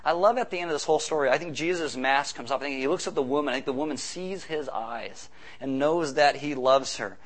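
A man preaching a sermon as pastor, conversational, with quick asides and rhetorical questions. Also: a little high.

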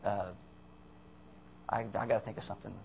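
A man's voice: on the low side, flat delivery, normal speed, gravelly, a little mellow, slight background noise. A man preaching a casual, joking sermon, often acting out quotes in the voices of the people in the story. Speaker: pastor.

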